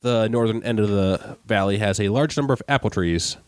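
A man narrating a tabletop game as game master, halting and correcting himself often. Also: on the low side, clear, resonant tone, no echo, studio quality. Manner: halting, many fillers and restarts.

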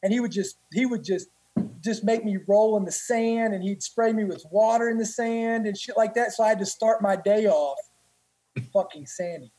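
A man's voice: high-pitched, moderate pace, dark tone, low-quality recording. A man, a former Marine and guest, telling stories casually in a rambling, profane way. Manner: rambling, profane, many restarts. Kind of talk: casual storytelling.

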